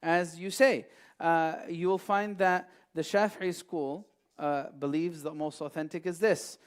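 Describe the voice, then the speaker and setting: A man taking questions at a mosque, explaining at length with many pauses and quotes recited in Arabic. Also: sits high. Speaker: imam answering questions. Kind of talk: religious Q&A talk. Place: mosque hall.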